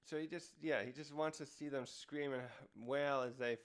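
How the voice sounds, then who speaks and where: A man's voice: medium pitch, steady tone, moderate pace, clean tone. A man hosting a casual review, rambling and often restarting his sentences. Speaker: host.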